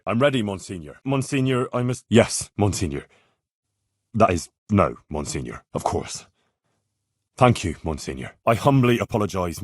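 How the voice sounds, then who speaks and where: An actor playing an earnest, dutiful young squire in a medieval game, speaking plainly and deferentially in recorded dialogue lines. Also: male voice, fairly low pitch, husky, no echo, studio quality. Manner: plain, sincere and deferential, with many lines read twice. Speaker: player character in a game. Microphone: close studio mic.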